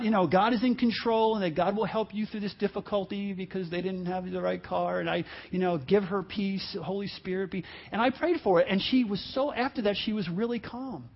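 A man preaching a sermon as pastor, telling a personal story in a halting way, dropping to quiet asides and rising to loud emphasis. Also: very high-pitched, slightly rough, muffled recording. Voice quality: halting, self-interrupting delivery with laughs.

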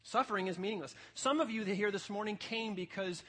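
Passionate husky-voiced male preacher. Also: high-pitched, fairly quick. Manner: passionate, emphatic preaching with sudden quiet stretches. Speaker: pastor. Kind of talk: sermon. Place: church service.

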